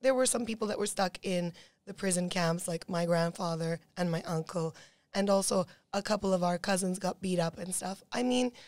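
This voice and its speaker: A young woman from Cyprus, a podcast guest, telling a family story quickly and animatedly, acting out other people's voices. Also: on the low side, no room sound, studio quality. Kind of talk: casual storytelling.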